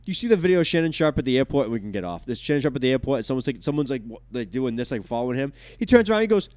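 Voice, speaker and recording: A man's voice: mid-range voice, racing, smooth, dry recording. A man co-hosting a sports podcast, telling stories in loose, profane banter. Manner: animated storyteller, swears freely. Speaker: podcast co-host. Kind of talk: casual sports talk.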